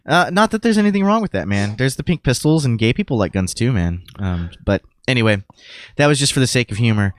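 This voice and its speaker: A man's voice: mid-range voice, fast, dry recording, studio quality. A man co-hosting a casual political chat podcast, telling a story animatedly and acting out the quotes. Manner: animated retelling with acted quotes.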